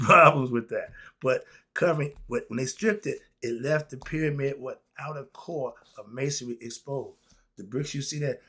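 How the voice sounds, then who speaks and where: Excitable husky man ranting about history. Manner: excitable, swings from loud outbursts to low asides, laughs often. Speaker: history lecturer. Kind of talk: passionate lecture with rants.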